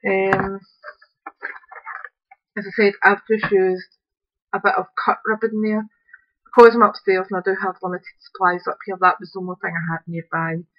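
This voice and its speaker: A woman's voice: on the low side, lo-fi sound. A woman, chatting casually while demonstrating a craft project at home and thinking aloud as she works. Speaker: craft tutorial host. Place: upstairs room at home.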